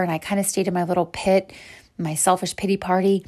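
A woman's voice: fairly low pitch, flat delivery, fast, a little mellow. A woman hosting a podcast and teaching a Bible devotional, speaking in an earnest, encouraging way to her listeners as sisters.

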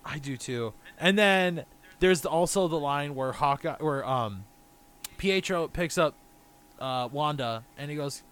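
A man's voice: fairly high pitch, unhurried, fairly bright tone, clear, resonant tone. A man hosting a podcast in casual chat, upbeat and introducing the segments. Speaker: podcast host.

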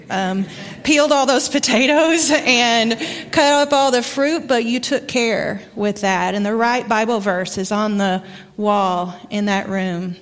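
Arkansas-accented woman preaching in a church. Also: medium pitch. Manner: warm, conversational storytelling with pauses. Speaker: guest preacher. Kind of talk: sermon. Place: church sanctuary. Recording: long church reverb.

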